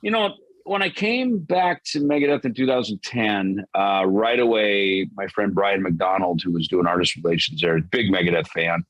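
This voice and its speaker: A middle-aged man talks casually as a podcast guest, rambling from one thought to the next and laughing easily. His voice sits low and sounds close and dry. He drops "dude" and "man" throughout. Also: normal speed, few pauses, a bit bright, no echo, poor audio. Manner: loose, rambling, laughs often, says dude. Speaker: guest musician.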